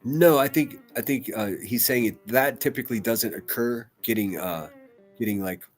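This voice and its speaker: A man's voice: mid-range voice, moderate pace, soft background music. A man hosting a casual livestream, reading chat comments aloud and rambling in a loose, profane way. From United States. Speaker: livestream host.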